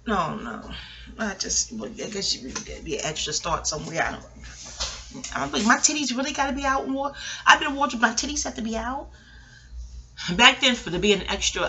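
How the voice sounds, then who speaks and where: A sassy middle-aged woman from New talks in a loose, wandering monologue, cursing freely as she goes off on tangents. Her New colors a bright, forceful voice that leaps high and drops low. It sounds like a casual, unscripted vlog. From New York. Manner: profane, digressive, sassy. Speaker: TV recap vlogger.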